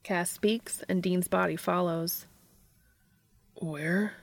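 Gravelly woman reading a story aloud. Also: fairly low pitch, steady tone, moderate pace, dry recording. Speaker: narrator. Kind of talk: reading a fan fiction aloud.

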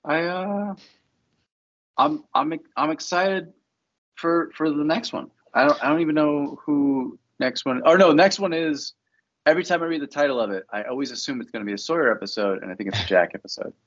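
A man's voice: fairly high pitch, fairly quick. A man co-hosting a podcast, thinking aloud in hesitant, hedging casual chat, in muffled audio. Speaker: podcast co-host. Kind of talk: casual chat about a TV show.

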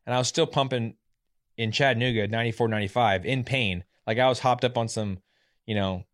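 Animated man telling stories casually. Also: mid-range voice, brisk. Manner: animated, acts out quotes of others. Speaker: former pitcher, guest. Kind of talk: casual storytelling.

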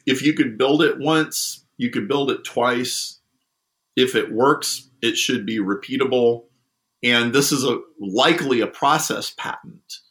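Bright-voiced animated man telling stories. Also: mid-range voice, unhurried. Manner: animated storyteller, acts out quoted people. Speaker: guest discussing a science prize. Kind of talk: casual podcast conversation.

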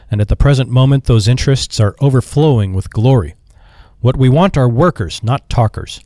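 A man's voice: mid-range voice, mellow, no room sound, clean studio sound, natural voice. A man voicing a stiff, defiant male office manager who complains in a prim, sour tone.

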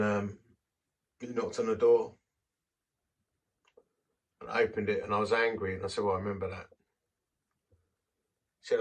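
A low, gravelly man's voice with a husky, breathy edge tells a story from the pulpit. He is a vicar and talks in a self-deprecating way, acting out what people said. He sounds a little far from the mic. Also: a bit bright. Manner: anecdotal, self-deprecating, acts out quotes. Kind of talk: sermon storytelling.

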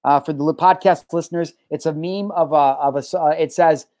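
A man's voice: on the high side, fairly even intonation, fairly quick, darkish tone, no room sound. A man hosting his own podcast, ranting in a heated, profane way and hammering his points through repetition. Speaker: podcast host.

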